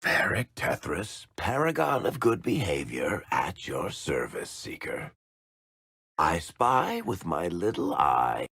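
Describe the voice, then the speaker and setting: A wry middle-aged dwarf storyteller, needling his companions with sarcastic banter. His voice sits extremely low, gravelly and husky, and he takes his time over the lines. Bone-dry game dialogue recording. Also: huge pitch swings, takes it slowly, a bit bright, no echo, heavily acted.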